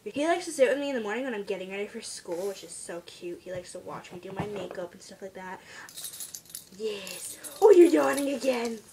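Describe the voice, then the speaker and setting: A teenage girl chatting casually on her vlog about her pet at home, rambling and trailing off into quiet asides. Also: mid-range voice, animated, fairly quick, noisy background. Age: teens. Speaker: vlogger.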